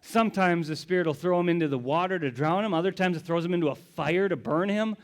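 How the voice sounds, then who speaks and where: A male pastor preaching a sermon, telling the story dramatically, dropping to hushed whispers and rising to loud exclamations. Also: sits high, quick pace.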